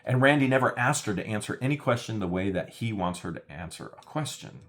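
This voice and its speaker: A man recapping a deposition in a vlog, mocking and animated. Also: lowish voice, a little fast. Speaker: vlogger. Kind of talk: commentary recap.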